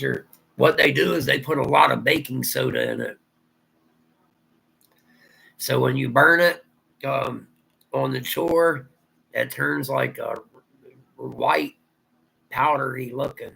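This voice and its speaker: A livestream host from Ohio, USA, rambles through a casual chat, reading viewer comments aloud and answering them in a Southern drawl. His mid-range voice is creaky and husky with a sharp edge, and the recording quality is low.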